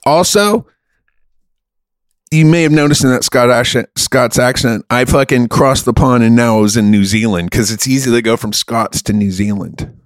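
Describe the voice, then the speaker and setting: A man's voice: medium pitch, fairly even intonation, brisk, hardly any pauses, dry recording, clean studio sound. A man hosting a podcast in casual chat, profane and emphatic, rambling with a playful streak. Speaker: podcast host.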